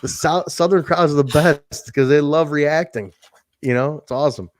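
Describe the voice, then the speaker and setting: A man co-hosting a wrestling review podcast, talking in a casual, animated way, laughing often and acting out quotes. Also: on the high side, moderate pace, dry recording, studio quality. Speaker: podcast co-host.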